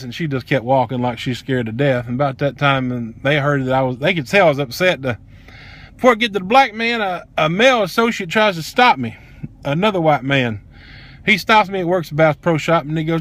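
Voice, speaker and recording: A man's voice: mid-range voice, brisk, a bit bright. A middle-aged man, telling a personal story bluntly and with plenty of swearing. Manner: blunt, profane, heated. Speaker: vlogger. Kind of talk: casual storytelling.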